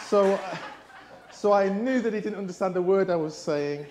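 A middle-aged preacher with an English accent, delivering a sermon in a fairly high-pitched voice. He tells stories easily, often restarting and filling gaps with ums as he goes. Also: a little fast. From England. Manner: warm storytelling with frequent fillers and restarts. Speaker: guest preacher.

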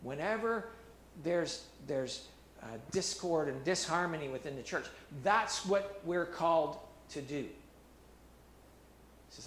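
A man with a high voice preaches an animated, emphatic sermon, circling back over his words and restarting phrases as he builds. His voice rings through an echoey church hall. A faint hiss of background noise sits under it. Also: slow pace. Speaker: pastor.

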